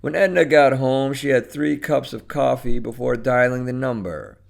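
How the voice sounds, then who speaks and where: A man narrating a short story in a slow and expressive manner. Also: mid-range voice, vocal fry.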